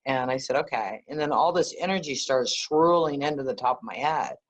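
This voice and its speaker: A woman guest, an energy healer, telling stories in a conversational interview, animated and often laughing. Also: rumbling low, a little fast. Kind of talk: conversational storytelling.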